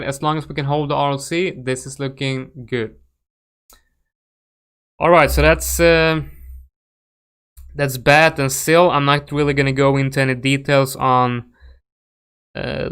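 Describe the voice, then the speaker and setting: A man's voice: medium pitch, fairly bright tone, clear, resonant tone. A young Swedish man with a Swedish accent hosting a casual crypto trading livestream, chatting loosely with viewers and often restarting his sentences. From Sweden. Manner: chatty, reacts to chat, frequent fillers and restarts. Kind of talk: casual live chart analysis.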